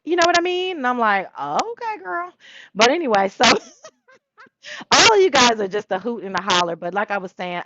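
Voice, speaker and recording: A woman hosting her own talk show, chatting casually and breaking into quick impressions of people. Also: medium pitch, fairly bright tone, dry recording, highs cut off. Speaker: show host. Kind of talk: casual solo chat.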